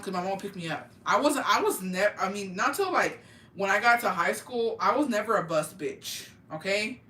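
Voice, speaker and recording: A young woman telling a story in an animated, profane, slang-filled way for a vlog, in an echoey room. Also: medium pitch, moderate pace. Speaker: vlogger. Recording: echoey room, mic at a distance, faint ambience.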